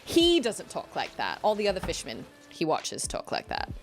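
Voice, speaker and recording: A woman streaming a game, chatting casually, giggling and thinking out loud as she plays. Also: fairly low pitch, wildly swooping pitch, normal speed, gravelly, over music. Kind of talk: casual gameplay streaming chat.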